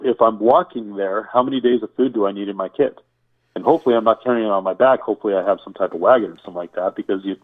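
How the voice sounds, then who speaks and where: Man, interview guest, explaining and listing, repeats himself, tinny phone-like sound, mid pitch. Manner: enumerating, repetitive, rhetorical questions. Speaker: survival expert guest.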